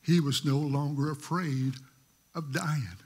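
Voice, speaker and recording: A pastor preaching a sermon, telling stories in a voice that moves from hushed to emphatic. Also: male voice, on the high side, fairly even intonation, takes it slowly, breathy edge. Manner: storytelling, shifting from hushed to emphatic.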